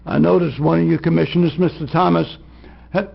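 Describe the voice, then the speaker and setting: A man speaking as a citizen during public comment at a meeting, in a halting, emphatic way. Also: a little high, flat delivery, gravelly, breathy edge. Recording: muffled meeting-room recording.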